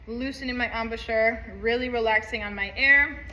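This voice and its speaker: A woman's voice: a little high, fairly even intonation, normal speed, roomy sound, dull audio. A woman teaching a saxophone part, upbeat, counting aloud and singing rhythms. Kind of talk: music lesson walkthrough.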